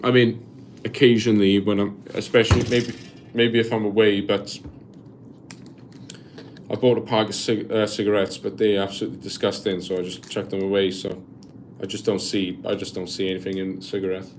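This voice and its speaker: A Welsh man in his twenties chatting casually on a live stream, reading viewer comments aloud and answering in a halting, rambling way with lots of restarts. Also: fairly low pitch, little pitch movement, a little hiss or hum. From Wales. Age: 20s.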